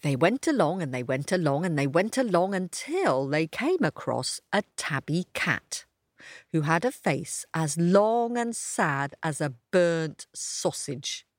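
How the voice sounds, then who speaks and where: Animated woman storyteller for kids, very expressive pitch, dry close sound. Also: a little slow, no room sound. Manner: animated, inviting the children to join in. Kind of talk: children's storytelling.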